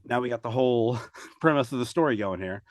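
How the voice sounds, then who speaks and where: Casting note: a male podcast co-host with an even, mid-range voice, casual and crude, in a dry, close sound. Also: mid-range voice, fairly quick, no echo. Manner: laid-back, recapping plot with crude humor. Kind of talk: casual movie review chat.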